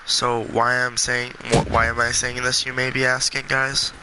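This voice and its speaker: A congested man talking earnestly and with passion in a gaming vlog, with halting restarts. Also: medium pitch, completely flat delivery, noisy background. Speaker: gaming video creator.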